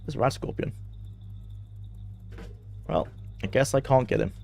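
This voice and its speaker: A man's voice: medium pitch, a little slow, gravelly, darkish tone. A young man chatting casually on a game stream, laughing often and talking to his chat.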